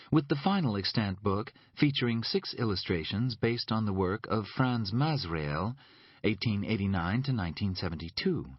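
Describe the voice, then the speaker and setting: Husky low-voiced man reading formally. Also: dry recording. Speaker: audiobook narrator. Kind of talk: scripted reading of a document excerpt. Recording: dull lo-fi recording.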